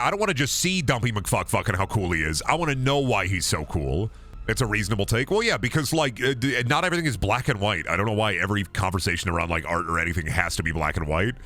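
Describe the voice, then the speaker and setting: A young man casually commentating a game stream, swearing freely and jumping into high, excited yelps when something surprises him.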